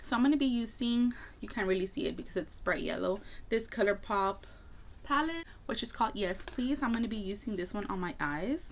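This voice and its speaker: A woman's voice: medium pitch, expressive, brisk, slight background noise. A woman makeup vlogger chatting casually while getting ready, rambling with lots of filler words. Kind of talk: casual get-ready-with-me chat.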